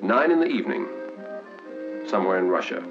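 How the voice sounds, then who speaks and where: Man, 1940s documentary narrator, lively delivery, measured and formal, old muffled film sound with music. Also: deep voice, gravelly. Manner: formal, measured, dramatic pauses.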